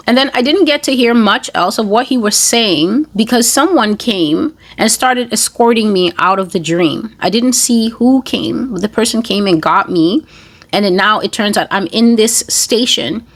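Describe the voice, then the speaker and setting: A woman in the middle range of pitch tells her dreams as prophecy. She talks slowly and deliberately, with pauses and small detours. She keeps an earnest, even narrating tone throughout. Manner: slow, deliberate, rambling storytelling. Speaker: online broadcaster.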